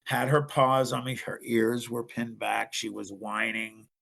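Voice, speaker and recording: A man's voice: medium pitch, fairly even intonation, unhurried, gravelly, a bit bright. A middle-aged man from Ohio, a podcast guest telling a personal story in an earnest, emphatic way.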